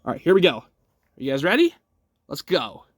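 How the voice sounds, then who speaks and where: A man's voice: a little high, huge pitch swings, brisk, slightly rough, no echo. A young man hosting a casual game walkthrough, talking each step through in an upbeat, chatty way at home. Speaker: gaming channel host.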